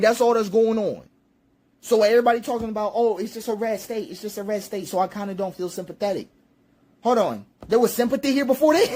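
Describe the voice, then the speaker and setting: A man's voice: sits high, a little mellow. A man giving impassioned spoken commentary, preachy and repetitive, with rhetorical questions and emphatic peaks.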